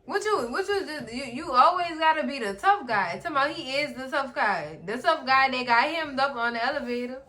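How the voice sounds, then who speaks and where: A woman in casual recap commentary, animated and sassy, often talking straight to the characters. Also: high-pitched, fairly quick, few pauses. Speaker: recap vlogger.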